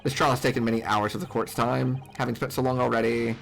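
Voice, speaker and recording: A man voicing a cold, haughty aristocratic male prosecutor in a game, speaking in a measured, disdainful, formal way. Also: mid-range voice, steady tone, creaky, soft background music, natural voice. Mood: dry.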